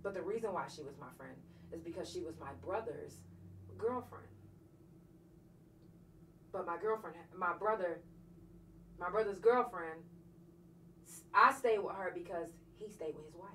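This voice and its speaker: A woman's voice: on the low side, normal speed, pauses often, a bit bright, recorded from a distance. A woman podcast host tells a personal story to her livestream viewers in a blunt, profane, emotionally charged way. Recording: echoey room, voice off-mic, faint noise.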